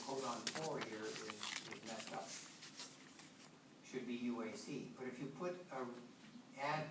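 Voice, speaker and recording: A man lecturing to a class, working through his explanation aloud and restarting phrases as he goes. He sounds far from the microphone in a very echoey room, with steady noise underneath. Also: mid-range voice.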